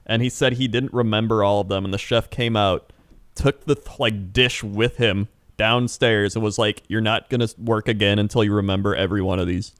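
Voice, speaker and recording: A young man chatting casually and telling an animated story, acting out quotes and laughing often. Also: lowish voice, normal speed, dry recording. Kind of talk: casual chat.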